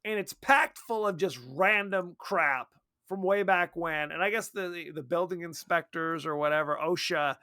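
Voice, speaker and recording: A man co-hosting a casual movie podcast, animated and acting out characters' lines. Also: sits high, normal speed. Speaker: podcast co-host.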